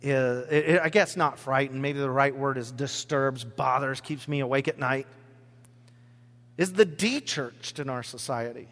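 A man's voice: mid-range voice, a little slow, fairly bright tone. A man preaching a sermon as pastor, talking conversationally and joking with his congregation in a church hall. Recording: long church-hall reverb.

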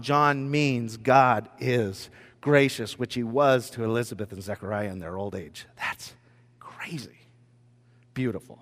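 Man, pastor, sermon, animated storytelling, slightly high voice, long hall reverb. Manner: animated storytelling, acting out scenes. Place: room with whiteboards.

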